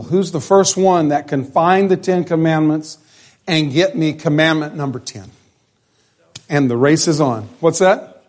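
A male pastor preaching a conversational sermon in a church, asking the congregation questions as he goes. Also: a little high. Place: church sanctuary.

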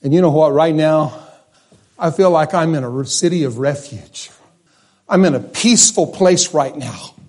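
A man preaching a sermon at a church service, swinging between loud declarations and hushed, low phrases. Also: unhurried.

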